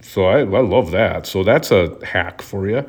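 A man's voice: deep voice, lively intonation, unhurried, slightly rough. A man from Minnesota hosting a show, telling funny stories in a casual, rambling way with hesitant restarts. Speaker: podcast host. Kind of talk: casual monologue.

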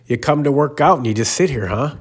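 A man voicing a pushy young male gym staffer who taunts with rapid-fire questions. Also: mid-range voice, animated, pitched above the performer's own voice, lightly acted. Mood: needling.

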